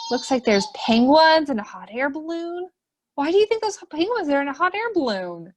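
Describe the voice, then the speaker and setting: Animated woman reading to preschoolers. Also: high voice, normal speed, soft background music. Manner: animated, full of questions and gasps for children. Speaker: children's program host. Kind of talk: reading a picture book aloud to preschoolers. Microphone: webinar computer mic.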